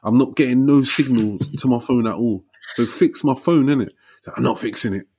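A young man telling a story in casual chat, lively and slangy, ending lines with "innit" and "yeah". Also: medium pitch, a little fast, breathy edge.

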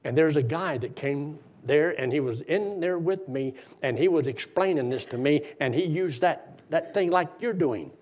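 A man, as a storyteller, plays a sullen ex-convict speaking flat and low. The voice is husky, and the recording is dull and lo-fi. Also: moderate pace, few pauses, lightly acted. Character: sullen ex-convict cab passenger.

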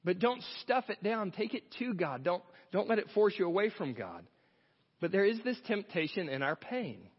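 A man's voice: high voice, big pitch swings, normal speed, breathy edge, big-room sound, lo-fi sound. A pastor delivering an earnest sermon, asking rhetorical questions as he preaches.

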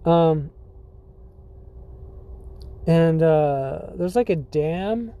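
High, mellow-voiced man, rambling laid-back podcast host, cusses a lot. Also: lively intonation, very slow, muffled recording. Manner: rambling, full of likes, dudes and swearing; laughs often. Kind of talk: casual storytelling.

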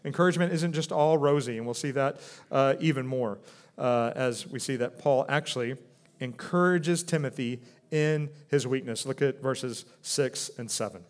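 A man's voice: mid-range voice, normal speed. A man in his thirties, a pastor, preaching in an earnest, conversational way with many restarts. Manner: earnest, conversational, with frequent restarts and a soft drop for quoted speech. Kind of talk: sermon.

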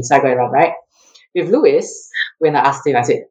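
Fairly quick in her delivery, this woman from Singapore, a track athlete, shares stories as an interview guest. She laughs often, stays animated and raises her pitch when acting out quotes, while the audio has its highs cut off.

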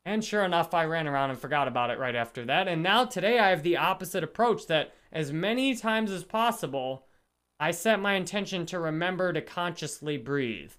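A man's voice: on the high side, lively intonation, brisk, a bit bright, clear, resonant tone. A man hosting a casual livestream book discussion, talking earnestly and greeting viewers in the chat. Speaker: livestream host.

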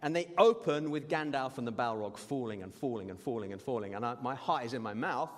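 A man preaching a sermon, telling stories in an animated way with lively asides. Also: medium pitch, fairly quick. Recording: long hall reverb.

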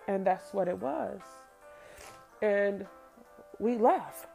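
Woman with a gravelly, creaky voice, blunt and candid, recounting her past over faint music. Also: medium pitch, very slow, mellow. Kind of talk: personal storytelling.

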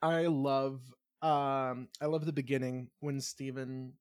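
A man's voice: medium pitch, steady tone, takes it slowly, few pauses, darkish tone, smooth, dry recording, studio quality. A man co-hosting a podcast in casual chat, teasing and joking, with plenty of swearing. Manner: jokey, profane, teasing. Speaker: podcast co-host.

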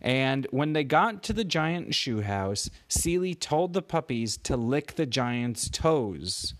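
A man improvising a bedtime story for a child, animated and stopping to ask the child questions. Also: medium pitch, takes it slowly. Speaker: parent telling a bedtime story.

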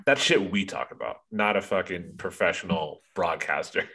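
A man with a very low voice talks through a casual sports podcast. He rants with plenty of profanity and trails off into ums between points, dragging out his gripes. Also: normal speed, sharp tone, slightly rough. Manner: profane, ranting, lots of ums. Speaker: podcast co-host.

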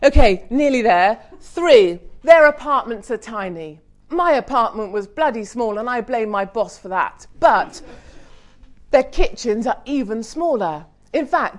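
A middle-aged British woman speaking on a business panel, blunt and humorous, growing more animated as she urges the audience on. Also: a little high. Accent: British English. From United Kingdom. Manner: blunt, energetic, humorous, mildly swearing. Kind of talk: lively panel talk to an audience.

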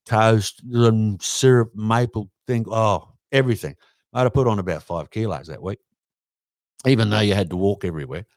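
An Australian man with a low voice spins an animated yarn in casual pub chat, slipping into silly cartoon voices along the way. He sounds close and dry, with no room around him. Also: moderate pace, no room sound. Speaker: podcast co-host telling a story.

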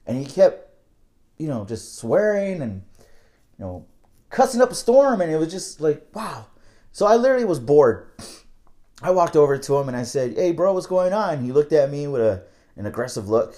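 A man's voice: fairly high pitch, big pitch swings, moderate pace, pauses often, warm tone. A young man telling a casual, candid story about his night-shift work, rambling and swearing freely.

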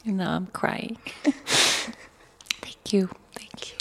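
A woman hosting a podcast who gently prompts trainees with questions in casual group conversation. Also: mid-range voice, very slow, creaky, husky, in a whisper. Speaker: podcast host and yoga teacher trainer.

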